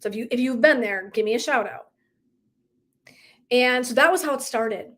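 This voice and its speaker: Chatty middle-aged woman, slightly high voice. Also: moderate pace, a bit bright. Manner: chatty, heavy use of "like", earnest and emotive. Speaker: wellness coach. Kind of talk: casual livestream talk.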